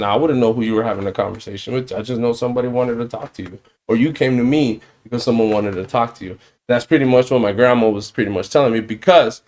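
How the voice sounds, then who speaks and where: A man hosting a podcast, talking in a loose, rambling way and often checking in with "you know what I mean". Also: mid-range voice. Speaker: podcast host. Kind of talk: casual podcast chat.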